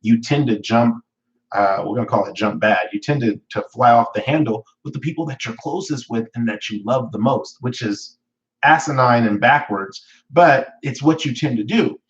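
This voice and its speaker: On a lo-fi recording, a Northern California man with a medium-pitched voice speaks at a normal pace while hosting a weekly live motivational talk. He tells a personal story candidly and reflectively, using fillers and correcting himself along the way.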